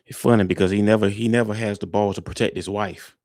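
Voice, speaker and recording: Low gravelly male host, blunt, indignant, cursing, dry close sound. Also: steady tone, fast, a little mellow, no echo. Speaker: reaction host. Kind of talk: reaction commentary.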